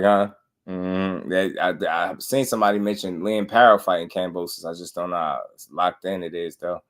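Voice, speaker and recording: Deep-ish guy w/ aave doing boxing talk, blunt, slangy, gets heated. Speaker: boxing show host. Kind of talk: casual commentary.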